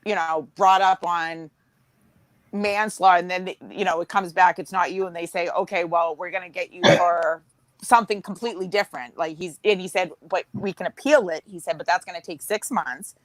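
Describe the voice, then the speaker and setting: A woman telling a story in casual chat, acting out what others said, in a lively storytelling way. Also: fairly low pitch, normal speed, low-quality recording. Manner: animated storyteller, acts out quotes.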